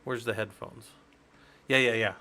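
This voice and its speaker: A man in mid pitch teaches networking on a relaxed live stream. He walks through each step in a chatty way and banters with his viewers as he goes. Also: moderate pace. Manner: chatty, explains step by step, jokes with chat. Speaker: live-stream Linux instructor.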